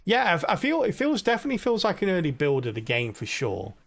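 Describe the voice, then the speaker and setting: A man's voice: high voice, huge pitch swings, quick pace, vocal fry, a bit bright. A middle-aged man streaming a game live, rambling and thinking aloud as he plays. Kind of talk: live gameplay commentary.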